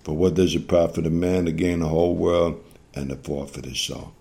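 Male preacher, low and gravelly, mellow tone, earnest exhorting sermon delivery. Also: level tone, fairly quick. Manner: earnest, exhorting, repeats phrases.

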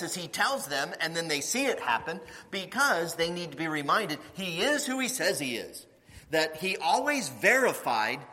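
A male pastor delivers a sermon with a bright, forceful tone and a slightly raised pitch. His delivery swings widely, acting out quoted voices and climbing toward near-shouts. The sound carries a long reverb, as in a large hall.

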